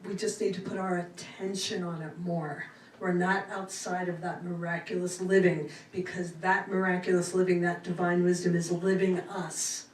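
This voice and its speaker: A middle-aged woman giving a spiritual talk to a congregation with a lively, laughing cadence. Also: on the low side, moderate pace, a little hiss or hum. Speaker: inspirational speaker. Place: church sanctuary. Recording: roomy hall from far off.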